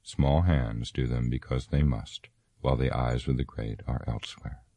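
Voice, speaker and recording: A wise, ancient elf lord, as a deep-voiced man puts him on speaks in a grave, lofty and sorrowful tone, raised a little above the narration. The voice stays very low and the sound is dry. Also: steady tone, moderate pace, warm tone, no echo.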